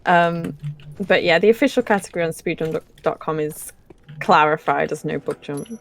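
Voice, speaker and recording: A woman casually commentating her own speedrun, explaining the tricks in a relaxed way with frequent ums. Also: sits low, normal speed, creaky, slight background noise.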